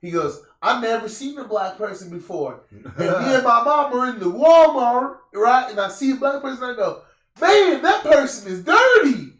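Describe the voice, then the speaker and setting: A man's voice: extremely high pitch, moderate pace. A young man hosting a casual chat, telling stories with lots of profanity and acting out the people in them. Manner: animated, profane, acts out quoted people. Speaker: podcast host. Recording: roomy echo, distant mic.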